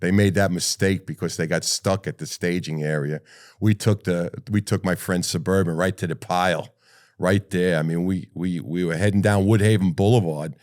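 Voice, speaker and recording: An older man with a New York accent telling a rough, profane story as a retired firefighter in an interview. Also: low voice, moderate pace. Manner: blunt, profane, lively retelling.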